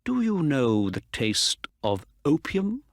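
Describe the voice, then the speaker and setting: A man voicing a calm, clever middle-aged male detective who explains things patiently. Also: fairly high pitch, slow, no room sound, clean studio sound, voice pushed up, full character voice. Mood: explaining.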